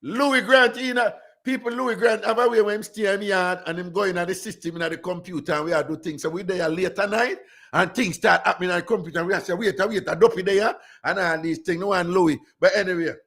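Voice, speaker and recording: A man's voice: sits high, steady tone, fast, fairly bright tone. A man with a Jamaican accent, hosting radio and telling a story in casual, rambling patois with many "you know"s. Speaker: radio host.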